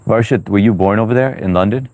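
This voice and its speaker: A man's voice: fairly low pitch, fast talker, darkish tone, no echo. A man hosting a livestream in a loose, chatty way, reading viewer comments aloud with lots of "uh" and "you know". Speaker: livestream host.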